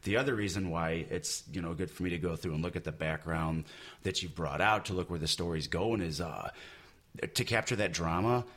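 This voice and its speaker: Brief: deep-voiced male artist, loose conversational ramble, lots of "you know.". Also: fairly quick, fairly bright tone. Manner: rambling, many you-knows and restarts. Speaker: comic book artist. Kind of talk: casual podcast chat.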